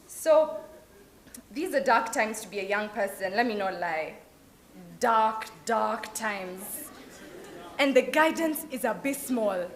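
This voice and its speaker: A young Kenyan woman giving a lively motivational talk at an open day, mixing in Swahili phrases. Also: fairly high pitch, moderate pace, a faint crowd. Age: young adult. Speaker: alumna speaker. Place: event hall at an open day.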